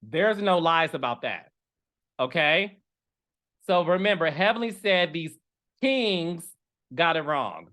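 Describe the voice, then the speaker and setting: A man's voice: a little high, expressive, slow, long pauses, pushed and bright. A man hosting a podcast in casual commentary, talking in a sassy, emphatic way and often tagging his points with "okay?" and "honey". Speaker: podcast host.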